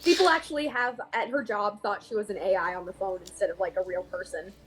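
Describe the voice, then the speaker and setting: A woman's voice: medium pitch, fast, husky, low-quality recording. A woman playing in a tabletop game stream, chatting casually and gushing with laughter. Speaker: player. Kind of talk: casual chat while gaming.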